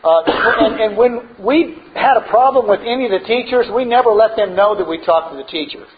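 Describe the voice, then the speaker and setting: High-voiced man telling stories with laughs. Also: brisk, phone-quality sound. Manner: storytelling, laughs often. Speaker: host answering questions. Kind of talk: casual parenting advice talk.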